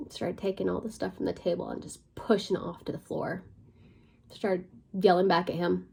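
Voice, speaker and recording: Young woman, vlogger, personal storytelling, conversational, lots of fillers, hushed at tense parts. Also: fairly low pitch, gravelly, slightly rough. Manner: conversational, many fillers, drops to a near whisper at tense moments.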